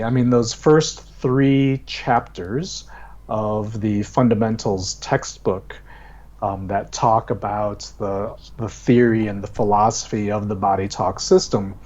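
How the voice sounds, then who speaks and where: Measured man on a muffled video call. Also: on the low side, a little mellow. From USA. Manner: thoughtful, measured, many fillers. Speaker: guest instructor. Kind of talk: casual video call interview.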